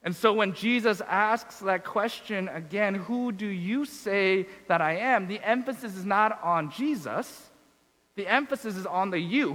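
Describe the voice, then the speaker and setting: A man's voice: sits high, normal speed, fairly bright tone, in a large hall, rough recording. A man giving a reflective sermon, asking questions and repeating phrases. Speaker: preacher.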